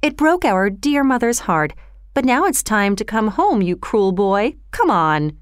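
A woman reading a storybook aloud, voicing a scheming young woman who pleads loudly and overacts. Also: mid-range voice, very animated, unhurried, clean tone, no echo, clean studio sound. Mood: theatrical. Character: scheming young woman thief, loud and theatrical.

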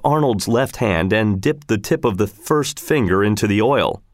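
A man narrating a storybook aloud in a measured, expressive way. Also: on the low side, no room sound, clean studio sound.

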